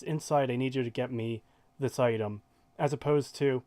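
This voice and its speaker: A man's voice: mid-range voice, steady tone, normal speed, a little mellow, no echo. A man hosting a reaction stream, ranting in a heated, profane way. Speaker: stream host.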